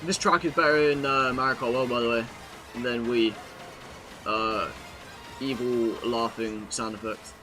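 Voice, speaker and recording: A man's voice: mid-range voice, steady tone, unhurried, music in the background. A young British man live-streaming a racing game, chatting casually to his viewers and swearing freely as he plays. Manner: chatty, swears freely, talks to chat while playing.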